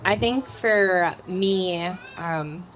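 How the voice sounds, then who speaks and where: A woman who leads an outdoor nonprofit, speaking earnestly and with feeling on a live panel, with frequent pauses and fillers. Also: fairly low pitch, a little hiss or hum, poor audio. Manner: earnest and heartfelt, many fillers. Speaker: nonprofit outdoor group leader. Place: live event at a cafe.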